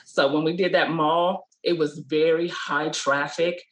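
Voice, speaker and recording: A woman who owns a small business and is a mother, telling stories casually in an interview and acting out quotes in a much higher voice. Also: steady tone, a little slow, reverberant, rough recording.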